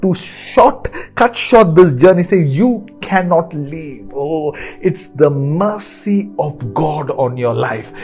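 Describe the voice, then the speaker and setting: A male pastor preaches with repetition and rising excitement, dropping to quiet asides and then building back up. His voice is slightly high yet mellow. Soft music plays under him in the church. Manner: repetitive, excitable, swinging from hushed to shouted. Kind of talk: sermon.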